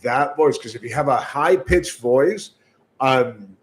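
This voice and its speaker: Heard on a rough recording, a sales trainer with a mid-range voice takes his time as he instructs callers on sales calls. His coaching is direct, and he frequently stumbles over repeated words while checking in with "right?".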